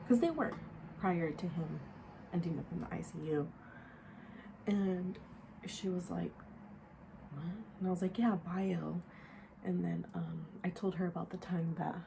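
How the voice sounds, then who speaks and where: A woman's voice: fairly low pitch, gravelly, background noise. Young woman rambling a candid storytime. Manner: rambling, candid, lots of fillers, drops into whispers. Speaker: vlogger. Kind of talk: casual storytime while getting ready.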